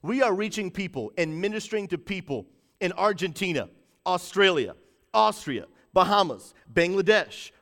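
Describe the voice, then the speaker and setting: A man preaching to a livestream church audience, building hype and calling on the chat to respond, swinging from loud bursts to low, intent emphasis. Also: big-room sound. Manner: rises to shouting in bursts, drops low to stress points. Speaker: pastor.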